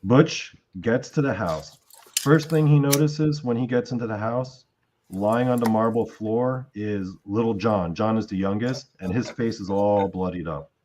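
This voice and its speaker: Low-voiced man retelling a story. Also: unhurried, a little mellow, slight background noise. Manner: rambling retelling with many fillers and acted quotes. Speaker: podcast host. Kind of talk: casual storytelling chat.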